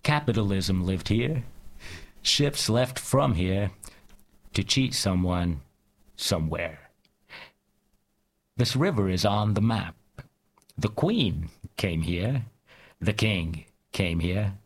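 A man in casual conversation who reads poems aloud in a measured recital with pauses. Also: deep voice, animated, slightly rough. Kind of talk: casual chat and poetry reading.

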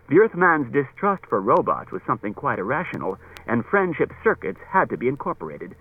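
Male audiobook reader, measured and expressive, lively intonation; tinny cassette sound. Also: medium pitch, slightly rough, no echo. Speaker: audiobook narrator. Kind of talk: scripted audiobook narration. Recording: tinny lo-fi cassette tape with faint music.

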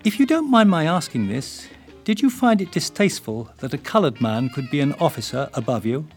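A man's voice: on the high side, sing-song, brisk, soft background music, voice pushed up. Older man reading as a polite young English hitchhiker. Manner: polite, probing questions.

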